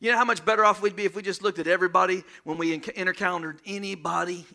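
A middle-aged man preaching a sermon as pastor, impassioned, shouting at times and calling for responses from the congregation. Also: high-pitched, fairly even intonation, fast talker, gravelly, hardly any pauses.

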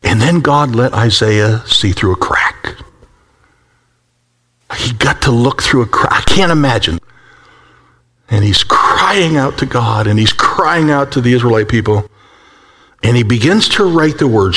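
A man preaching a sermon, swinging between high, urgent exclaims and hushed, low passages, and acting out the voices of prophets. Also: lively intonation, measured pace, pauses often, breathy edge. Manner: acts out quoted prophets with a rising voice. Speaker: pastor.

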